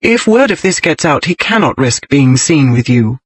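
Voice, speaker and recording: A man voicing a composed young lady who speaks crisply and teases with dry wit. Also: fairly high pitch, very animated, normal speed. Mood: cool teasing. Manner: crisp, poised, dryly teasing. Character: composed, witty young lady, cool and teasing.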